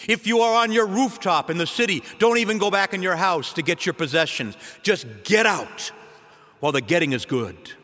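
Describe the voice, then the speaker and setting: Priest preaching in a reverberant church. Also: male voice, animated, moderate pace, faint music behind. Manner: dramatic preaching with wide swings in pitch and loudness. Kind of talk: sermon.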